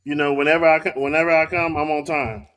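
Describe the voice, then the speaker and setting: Bright-voiced joking male co-host. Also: on the high side, flat delivery, fast talker. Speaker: podcast co-host. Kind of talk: casual chat.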